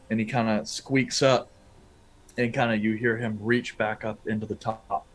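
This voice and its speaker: A man's voice: on the low side, level tone, normal speed. A man narrating a tabletop game as game master, rambling and hesitant, with many fillers.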